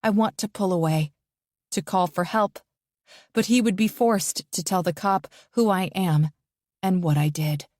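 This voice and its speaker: A woman narrating a first-person psychological thriller audiobook in a tense, measured way. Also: on the low side, darkish tone, no echo, studio quality.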